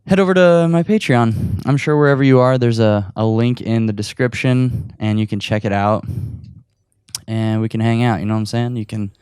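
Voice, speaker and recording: A man's voice: medium pitch, fairly even intonation, moderate pace, a little mellow, smooth, no room sound, studio quality. A man hosting his own podcast, chatting casually and laughing at himself, a bit out of breath, recorded in his room at home. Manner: chatty and self-deprecating, laughing often. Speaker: podcast host. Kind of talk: casual solo podcast while gaming.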